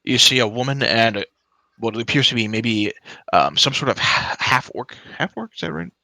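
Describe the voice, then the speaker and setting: Casual dungeon master, bright dry voice. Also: male voice, medium pitch, expressive, moderate pace, gravelly, no room sound, poor audio. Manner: casual, loose narration with fillers. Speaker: game master. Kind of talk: narrating a tabletop game.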